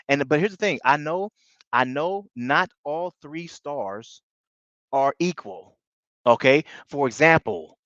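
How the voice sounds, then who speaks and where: A man hosting a casual basketball fan livestream, animated and excitable, often asking "you know what I'm saying" as he talks to viewers. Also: medium pitch, no echo, dull audio.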